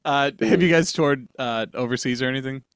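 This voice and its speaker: A man hosting a casual podcast chat, relaxed, laughing often and trailing off with fillers. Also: mid-range voice, a little fast, clean tone, no room sound, clean studio sound. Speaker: podcast host.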